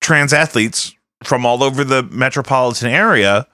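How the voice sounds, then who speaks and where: A man's voice: mid-range voice, moderate pace, pushed and bright, dry recording, studio quality. A man hosting a podcast at home, rambling and cursing freely as he thinks aloud. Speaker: podcast host. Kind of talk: casual chat.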